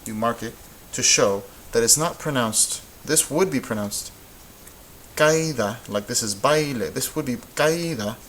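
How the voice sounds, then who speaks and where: A man's voice: mid-range voice, normal speed, hardly any pauses, a bit bright, a little hiss or hum, rough recording. A man teaching a casual Spanish lesson, thinking aloud as he goes, with frequent ums and restarts. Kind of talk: casual classroom-style lesson.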